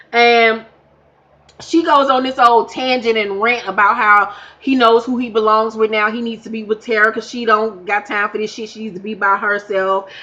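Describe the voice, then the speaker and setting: A woman's voice: a little high, a bit bright. Sassy, profane woman recapping reality TV. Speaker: reality TV reviewer. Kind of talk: casual recap vlog.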